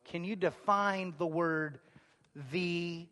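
A man, preaching a sermon in a high, conversational voice. He drops to soft asides and then bursts into loud shouts. The sound carries the long reverb of a church hall. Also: fairly even intonation, takes it slowly. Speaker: pastor.

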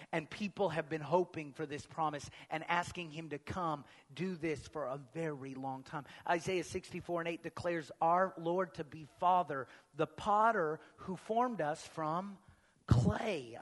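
A male pastor preaching a sermon, swinging between booming emphatic proclamation and hushed, near-whispered lines. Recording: long reverb of a large hall.

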